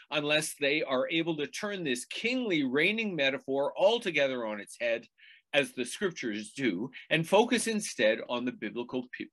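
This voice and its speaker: A man delivers a sermon in a steady, explanatory voice. He speaks at a mid pitch and in an even teaching tone, now and then turning to the listener with a rhetorical question. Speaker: preacher.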